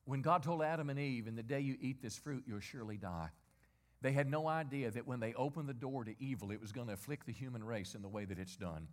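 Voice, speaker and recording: Speaking fast in a mid-range voice, this middle-aged man preaches as a pastor, keeping his tone conversational. He fires off rhetorical questions and leads the congregation in repeating his lines.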